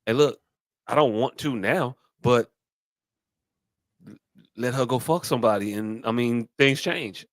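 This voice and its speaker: A man's voice: medium pitch, unhurried, pauses often, dry recording, clean studio sound. A man co-hosting a podcast, blunt and profane, often restarting his sentences in casual chat. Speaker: podcast co-host.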